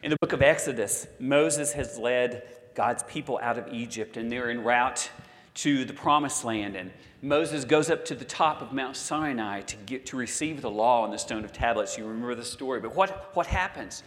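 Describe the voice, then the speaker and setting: A pastor in his sixties preaches with dramatic pauses, quoting and reading scripture aloud. His voice is at an ordinary male pitch and a bit bright, and a long church-hall reverb trails after each phrase.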